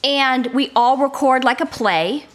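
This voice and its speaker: A woman's voice: high-pitched, measured pace. A woman, a voice actor, telling studio stories in a casual interview over a video call. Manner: animated, storytelling with laughs. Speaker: voice actor guest.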